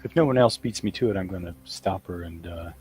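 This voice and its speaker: A man at a tabletop game, speaking quickly in a blunt, wary way. His voice sits a little low. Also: a little mellow, soft background music. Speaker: player. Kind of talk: in-character tabletop play.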